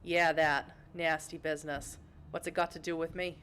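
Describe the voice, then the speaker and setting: A woman voicing a smug, gruff male vampire detective with a raspy tough-guy drawl, reading a narrative game aloud on stream. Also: deep voice, level tone, normal speed, fairly bright tone, a little hiss or hum. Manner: tough-guy drawl with a put-on Boston accent.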